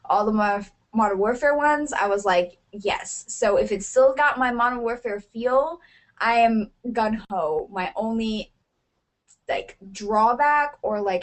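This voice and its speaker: A woman co-hosting a casual gaming podcast, talking candidly and getting fired up quickly. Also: fairly high pitch. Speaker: podcast co-host.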